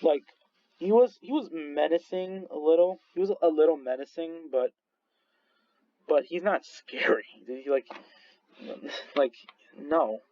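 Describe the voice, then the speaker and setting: A man's voice: fairly high pitch, a little slow, long pauses, no room sound, muffled recording. A man reviewing movies in casual chat, rambling with many restarts and frequent laughs. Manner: rambling, full of restarts and fillers, laughs often.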